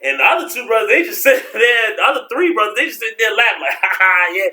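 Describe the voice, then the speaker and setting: High bright-voiced man telling a story. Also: fast. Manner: animated, slangy, acts out voices. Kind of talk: casual storytelling vlog.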